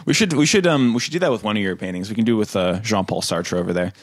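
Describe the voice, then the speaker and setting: A young man co-hosting a podcast, talking in a deadpan, joking way in casual chat. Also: fairly low pitch, rapid-fire, no room sound, studio quality. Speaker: podcast co-host.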